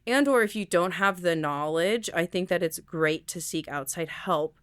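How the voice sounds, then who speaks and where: A woman's voice: on the low side, moderate pace, a bit bright, smooth, dry recording, clean studio sound. A young woman co-hosting a casual podcast chat, rambling with lots of fillers and restarts. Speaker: podcast co-host.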